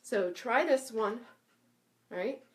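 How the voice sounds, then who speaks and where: A woman teaching spiritual breathing exercises in a casual live lesson. She talks in a loose, chatty way and keeps checking in with 'right?' and 'okay?'. She demonstrates breathy sounds and chants along the way. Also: fairly high pitch, animated, slow. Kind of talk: casual live instructional talk.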